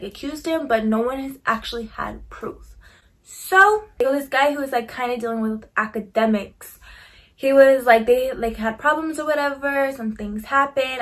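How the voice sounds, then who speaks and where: A young woman recounts a story in loose, chatty talk, leaning on "like" constantly and throwing in curses. Her voice sits a little high for a woman. She slips into quoting herself and others as she goes. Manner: chatty, heavy use of "like", swearing, quoting herself. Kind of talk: casual storytelling.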